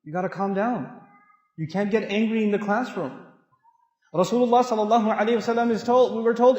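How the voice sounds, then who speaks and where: A man delivering a sermon with animated storytelling, swinging between loud and hushed. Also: high voice, quick pace, dull audio. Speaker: Islamic speaker. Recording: echoey hall with long reverb.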